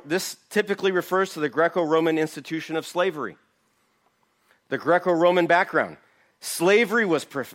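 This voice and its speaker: A man leads a verse-by-verse Bible teaching, emphatic in manner and throwing rhetorical questions to the audience. His voice is on the high side with a fairly bright tone.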